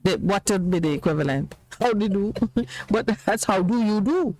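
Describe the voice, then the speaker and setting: A man's voice: sits high, expressive, moderate pace, darkish tone, rough recording. A Jamaican man hosting a radio talk show, chatting casually and laughing often.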